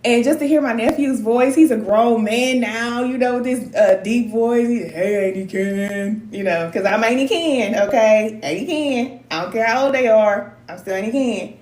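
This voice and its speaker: A middle-aged woman with a fairly high voice talks straight to her viewers, candid and emotional, slipping into slang as she gives spiritual advice. Her voice rings in a roomy, echoey space. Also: moderate pace, few pauses, darkish tone. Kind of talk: casual heartfelt talk to viewers.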